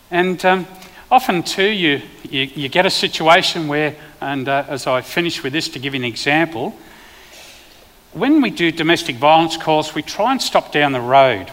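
Australian man, sermon testimony, vivid storyteller, fairly high voice, roomy hall reverb. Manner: vivid storyteller with sudden loud bursts. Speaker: preacher and former police officer.

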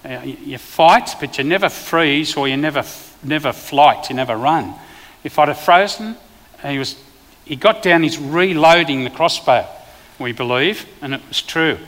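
An Australian man, a preacher and former police officer, telling a vivid testimony in a sermon with sudden loud bursts. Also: on the high side, moderate pace, big-room sound.

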